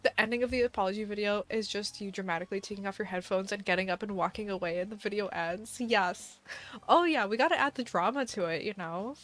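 A woman's voice: medium pitch, fast talker, fairly bright tone. A young woman streamer chatting casually to her live chat, laughing often and filling her talk with "like". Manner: giggly, chatty, lots of "like" fillers.

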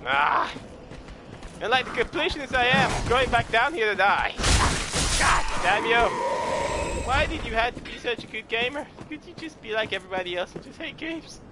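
Excitable man yelling at a game. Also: very high-pitched, normal speed, very noisy. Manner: frustrated, swings between muttering and yelling. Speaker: gamer streaming his play. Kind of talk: casual let's-play commentary.

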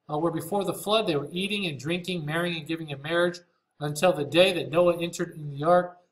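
A man's voice: high voice, fairly bright tone, poor audio. A man teaching Bible prophecy over slides. He reads scripture passages aloud and explains them in a casual way, often checking in with "okay?". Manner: reads scripture aloud in old-fashioned wording.

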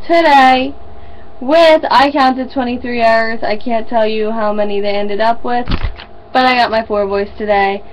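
A young woman, a student, telling an animated story to her camera at home, laughing as she goes. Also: on the high side, highs cut off, slight background noise. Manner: animated, laughing storyteller who acts out quotes. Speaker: vlogger and student. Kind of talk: casual video diary. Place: indoors at home. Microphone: camera built-in mic.

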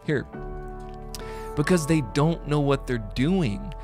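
A man who is a piano technician and tuning mentor, telling a story in a casual, animated sales pitch, often repeating his words. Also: slow. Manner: animated, repeats words, acts out quoted voices.

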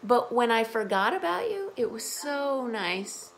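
An American woman teaching English, speaking very slowly and patiently so learners can follow. Her voice is fairly high but hoarse from the morning. She repeats key phrases and explains carefully. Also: big pitch swings, a little hiss or hum, low-quality recording. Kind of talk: explaining song lyrics to learners.

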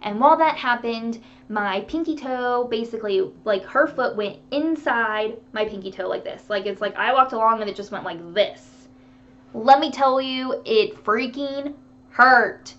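A woman vlogger chatting to camera, telling animated stories with laughter. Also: on the high side, measured pace, lo-fi sound. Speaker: beauty vlogger. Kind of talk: casual chat to camera.

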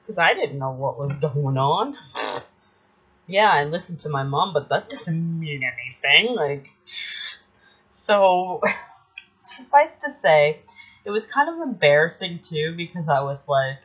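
A woman's voice: low-pitched, lively intonation, unhurried, breathy edge. Chatty young woman on lo-fi audio. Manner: chatty, rambling, self-correcting. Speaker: vlogger. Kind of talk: casual storytime vlog. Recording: dull lo-fi home video audio.

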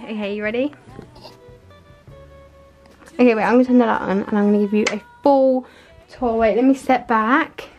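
Young woman, bedroom vlogger, bubbly rambling chat, slightly high, bit breathless. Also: dull audio. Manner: chatty, rambling, fillers like "like" and "literally". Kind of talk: casual vlog chat. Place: her bedroom at home.

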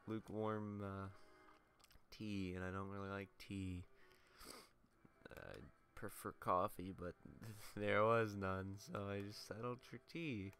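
A young man with a runny nose mutters and curses his way through a video game, teasing himself as he goes. His voice sits a little low yet sounds bright and clear. Faint game music plays underneath. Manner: sweary, self-mocking, talks to himself. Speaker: let's play gamer. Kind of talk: casual gameplay commentary.

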